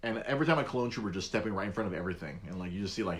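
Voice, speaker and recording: A man's voice: on the low side, very fast, few pauses. A man hosting a podcast, rambling casually with frequent restarts. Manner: rambling, many restarts, animated. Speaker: podcast host.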